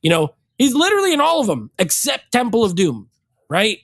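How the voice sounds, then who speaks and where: Man giving measured movie opinions. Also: sits high, huge pitch swings, vocal fry, no room sound, studio quality. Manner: measured, thinks aloud with fillers. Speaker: podcast guest. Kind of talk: casual movie review chat.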